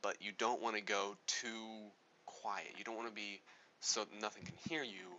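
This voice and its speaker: A man's voice: fairly low pitch, fairly even intonation, normal speed, pushed and bright, lo-fi sound, slight background noise. A man giving a casual spoken tutorial on speaking, rambling and correcting himself as he goes. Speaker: speaking coach.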